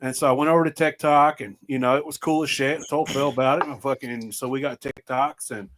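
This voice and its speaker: A man's voice: mid-range voice, fairly even intonation, a little fast, a bit bright, a little hiss or hum. A man in casual chat, telling loose stories and mimicking others in quotes. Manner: laughing, loose storytelling with mocking quoted voices.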